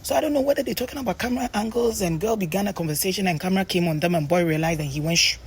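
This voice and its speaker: A woman's voice: fairly low pitch, rapid-fire, a little mellow, husky, rough recording. A woman casually recapping a reality show, chatty and full of ums and pidgin asides.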